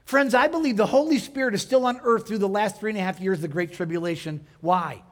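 High-voiced preaching pastor. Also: male voice, quick pace. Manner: conversational preaching with rhetorical questions to the congregation. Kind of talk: sermon.

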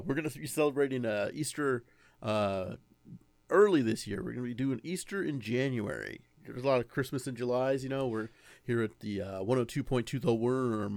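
Dude directing a voice session in a comedy bit, rambles and coaxes, mid pitch, real dry sound. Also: male voice, gravelly, dry recording. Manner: rambling, coaxing, patient. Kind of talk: comedic improvised sketch.

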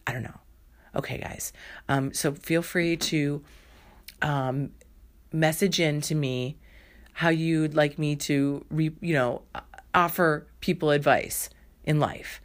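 Low-voiced woman host, sarcastic comic storyteller. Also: fairly even intonation, slow. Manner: sarcastic, exasperated, acts out both sides of a phone call. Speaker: podcast host. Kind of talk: comedic storytelling monologue.

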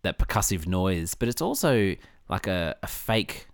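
Joking man, low dry voice. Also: big pitch swings, measured pace, dry recording. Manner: joking, blunt, laughs easily. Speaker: podcast co-host. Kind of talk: casual chat. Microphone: studio microphone.

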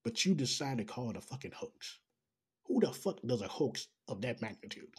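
A man in full rant, swearing through nearly every sentence and dripping with sarcasm. His voice is husky and breathy, sitting at an ordinary middle pitch for a man. He talks straight at his audience, heated and scornful. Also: very animated, normal speed. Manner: angry, profane, sarcastic. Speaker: commentator. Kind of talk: ranting commentary.

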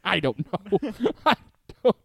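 Brief: young male podcast co-host, slightly high voice, lively and rambling, dry close sound. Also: unhurried, vocal fry, breathy edge, no echo. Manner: joking, rambling, laughs often. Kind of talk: casual chat.

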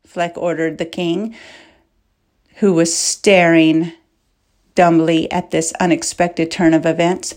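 A woman narrating a novel in measured, unhurried storytelling. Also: fairly low pitch, flat delivery, a little mellow. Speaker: audiobook narrator.

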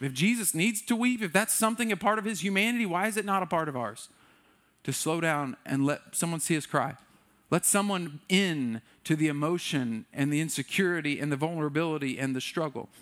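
Male pastor, sermon delivery, higher-than-average voice, swings from animated to quiet and earnest. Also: brisk. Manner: candid, self-deprecating preaching.

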